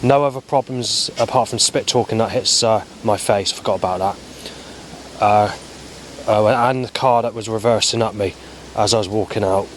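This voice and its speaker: A man rambling through a spoken log of his day, halting often with ums and restarts. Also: on the low side, slight background noise. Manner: halting, many ums and restarts, flat recounting. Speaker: vlogger.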